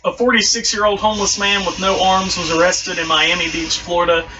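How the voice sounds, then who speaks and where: A man's voice: sits high, level tone, a little fast, background noise. A man co-hosting a casual podcast, reading odd news articles aloud and laughing through them. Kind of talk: casual chat. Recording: distant mic, dull lo-fi sound.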